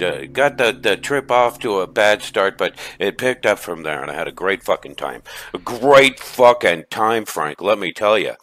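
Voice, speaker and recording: A man's voice: on the low side, bright, forceful tone. A man playing a brash, chatty middle-aged guy named Vinny, who leaves a rambling, stammering comedic voice message for a friend. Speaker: caller leaving a message for a friend.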